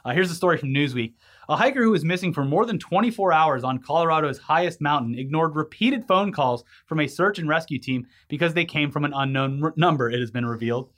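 Casting: man co-host, fairly high voice, rambling casual delivery, quick to laugh. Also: animated, a bit bright. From California. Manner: rambling, laughs easily, reads news stories aloud. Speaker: podcast co-host. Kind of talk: casual news chat.

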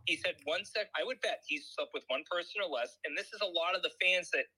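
A man's voice: high voice, quick pace, bright, forceful tone, breathy edge, low-quality recording. A man co-hosting a podcast, explaining a long story in casual chat and often agreeing. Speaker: podcast co-host.

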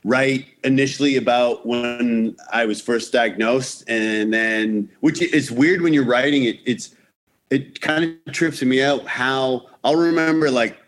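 A man's voice: medium pitch, a little slow. A man from Canada, a comedian guest, chatting casually and animatedly, full of restarts and acted-out quotes. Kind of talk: casual podcast chat.

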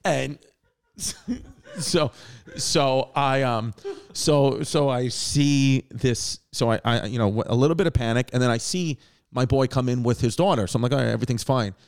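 A man hosting a podcast, telling a story in a rambling, animated way, swearing often and acting out what people said. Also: medium pitch, normal speed, creaky, clear, resonant tone. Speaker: podcast host. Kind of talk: casual storytelling.

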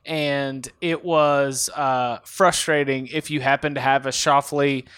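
A man's voice: medium pitch, steady tone, unhurried, a bit bright, clear, resonant tone, dry recording. A man co-hosting a casual sports podcast, making dry joking asides. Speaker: podcast co-host.

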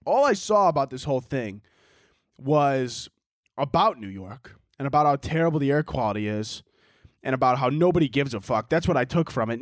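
A young man with a noticeably high voice hosts his podcast alone at home. He rants casually and profanely, slipping into mocking impressions of other people. The sound is close and dry, with no room around it. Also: no echo. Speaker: podcast host. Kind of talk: casual solo podcast rant. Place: indoors at home.

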